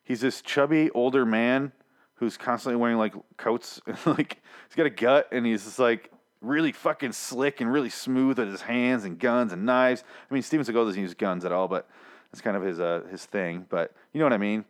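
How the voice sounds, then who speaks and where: This medium-pitched man, speaking at a normal speed, reviews a TV episode by recapping it in a casual, profane, exasperated rant. He mocks the characters by putting on voices.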